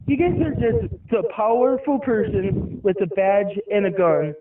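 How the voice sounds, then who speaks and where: A man calling the police on a phone line, talking in a halting, insistent way. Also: very high-pitched, animated, recorded from a distance, a little hiss or hum. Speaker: caller to police. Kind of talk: phone call. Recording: tinny phone line from afar.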